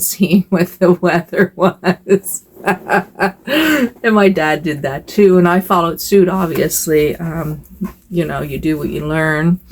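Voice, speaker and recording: Gravelly, low-voiced older woman rambling. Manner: rambling, hesitant, with sighs and fillers. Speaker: vlogger. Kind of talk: casual personal chat.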